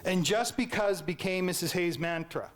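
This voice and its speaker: At a normal speed, this Canadian-accented man with a high, light voice gives a talk to the public. He relates his story with playful energy, asks the crowd questions, and performs impressions of his teachers.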